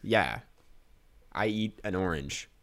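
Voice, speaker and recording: A man's voice: low-pitched, takes it slowly, creaky, a bit bright. A man co-hosting a podcast, chatting casually, laughing often and using many fillers. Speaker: podcast co-host. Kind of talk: casual chat.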